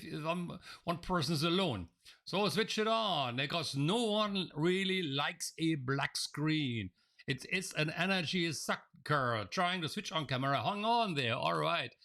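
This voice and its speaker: Speaking into a video-call mic, a man running a live online NLP session teaches interactively, addressing viewers and reading out names from the chat. He sounds bright and forceful, pitched slightly high for a man, and frequently repeats words and starts his sentences over.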